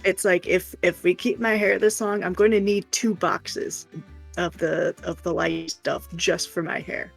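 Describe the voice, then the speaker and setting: A woman's voice: on the low side, fairly even intonation, a little slow, vocal fry, soft background music. A woman streamer telling stories in casual chat and laughing often. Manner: chatty storytelling, laughs often.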